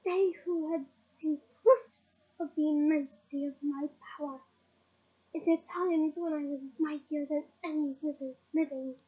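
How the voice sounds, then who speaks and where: Woman reading as a cold, menacing dark lord. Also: sits high, steady tone, highs cut off. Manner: slow, soft, coldly measured speech. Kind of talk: audiobook reading.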